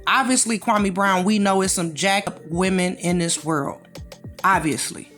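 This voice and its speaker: Speaking unhurriedly in a middle register, a woman host lectures and chides through an offhand commentary piece, drawling out dismissive remarks. Her tone is fairly bright, and soft music plays underneath.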